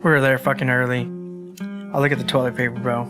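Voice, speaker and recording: A man's voice: medium pitch, level tone, quick pace, music in the background. A man co-hosting a casual podcast who tells crude stories in a rambling way, swearing freely and calling people "bro". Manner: laid-back rambling storyteller, says "bro" a lot, swears freely. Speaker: podcast co-host.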